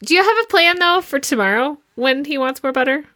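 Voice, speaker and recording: A woman's voice: sits high, expressive, a little fast, pushed and bright. A woman co-hosting a parenting podcast, chatting in a friendly, laughing way. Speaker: podcast co-host. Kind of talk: casual chat.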